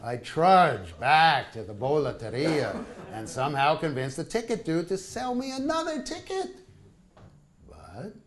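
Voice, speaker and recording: A man reading his own travel stories aloud to a live audience, wry and full of comic asides. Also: a little high. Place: small live performance venue.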